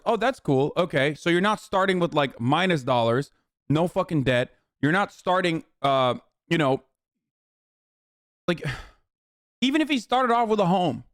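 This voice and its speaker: A man's voice: a little high, expressive, moderate pace, dry recording, clean studio sound. A man streaming a video reaction, ranting heatedly and swearing constantly, often calling the viewer "dude". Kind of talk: profane ranting commentary.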